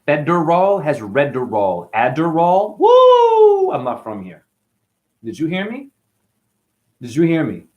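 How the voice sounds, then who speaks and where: Guy going off on a mocking rant, voice swinging up and down a lot. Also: a little high. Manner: combative, mocking, jumpy delivery. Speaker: channel host. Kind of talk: profane ranting monologue to camera.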